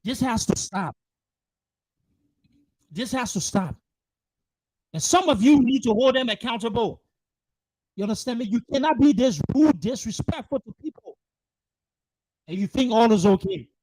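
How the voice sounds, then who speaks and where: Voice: mid-range voice, animated, normal speed, long pauses, warm tone, dry recording, low-quality recording. A political livestream host delivering an angry monologue, emphatic and profane, hammering the same rhetorical questions again and again. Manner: fierce, emphatic, repeats rhetorical questions, swears. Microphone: livestream microphone.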